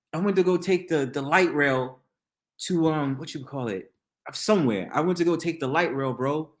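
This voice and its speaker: A man hosting a casual talk show, telling stories in lively, slangy speech and laughing often. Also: a little high. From New York. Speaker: podcast host. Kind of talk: casual chat.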